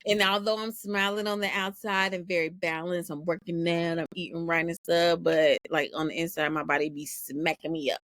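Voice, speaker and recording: A woman's voice: fairly low pitch, level tone, normal speed, few pauses, a bit bright, no echo, studio quality. A woman in a casual group chat, speaking reflectively and hesitantly, with wry humor.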